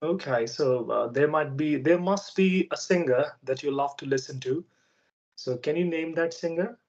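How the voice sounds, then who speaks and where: Running a relaxed English practice chat, this adult interviewer speaks at a normal speed in a mid-range, slightly mellow voice, hesitating and pausing often for fillers while patiently explaining things. Audio quality is a bit dull and lo-fi.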